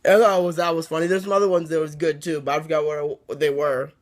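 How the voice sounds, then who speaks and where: Man, casual book reviewer, excitable and rambling with many restarts; voice sits high. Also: quick pace.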